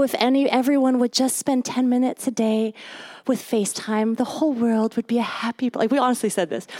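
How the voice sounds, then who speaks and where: A woman author giving a chatty, animated live talk to a moms' group, full of little asides. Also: fairly high pitch. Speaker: author and guest speaker. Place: event before a live audience.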